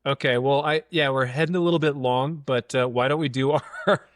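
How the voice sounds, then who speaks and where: A man's voice: mid-range voice, fairly even intonation, moderate pace, dry recording, studio quality. A man co-hosting a casual film podcast, easygoing, with short reactions and frequent laughter. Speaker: podcast co-host.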